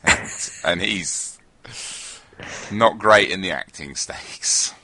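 A man's voice: low voice, slow pace, bright, forceful tone, no echo. A man co-hosting a hobby podcast, bantering and teasing with frequent laughs. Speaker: podcast co-host. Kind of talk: casual banter.

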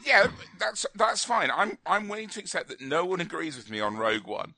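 Male radio co-host, opinionated rambler, bright tone, dry close sound. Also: sits high, lively intonation, fairly quick, creaky, dry recording. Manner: opinionated, rambling with fillers and restarts. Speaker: film review co-host. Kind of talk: casual radio chat.

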